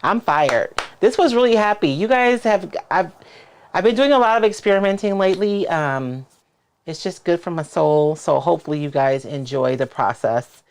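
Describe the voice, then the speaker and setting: A man's voice: a little high, expressive, moderate pace, clean tone. A man hosting a casual crafting livestream, explaining his plans as he works and thinking aloud. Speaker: crafter and host.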